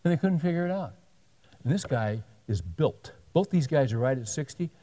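A man's voice: a little high, animated, dark tone. A man preaching a sermon, telling a story in a conversational way and acting out the back-and-forth of what people said. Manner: conversational, retells dialogue in quick back-and-forth. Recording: long hall reverb.

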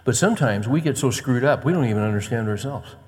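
A man's voice: lively intonation, fast, a little mellow, in a large hall. A male pastor preaching a conversational sermon, moving from casual asides to emphatic encouragement. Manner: conversational, rising to emphatic urging, with quoted scripture read low.

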